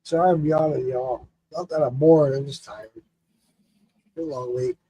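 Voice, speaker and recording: A man's voice: medium pitch, normal speed, a little hiss or hum, rough recording. A man hosting a casual drinking chat, telling stories with cursing and laughter. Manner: animated storyteller, cursing and laughing. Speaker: show host.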